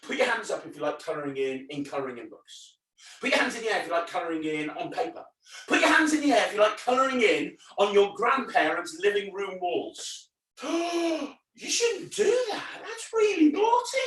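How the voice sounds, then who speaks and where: A man performing a comedy magic show for children, talking in an animated, exaggerated way that jumps to loud, high shouts. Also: brisk. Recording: echoey room, voice a bit far off.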